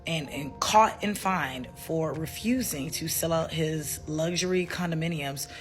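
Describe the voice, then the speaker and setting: Low-voiced woman arguing her case. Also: measured pace, soft background music. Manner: confident, cutting, argumentative. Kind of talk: social media opinion video.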